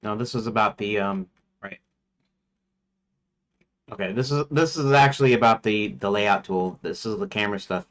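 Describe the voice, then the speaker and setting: A man's voice: lowish voice, normal speed, long pauses, a bit bright. A man streaming his game development, talking casually and thinking aloud as he works, rambling and talking to himself. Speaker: indie game developer livestreaming.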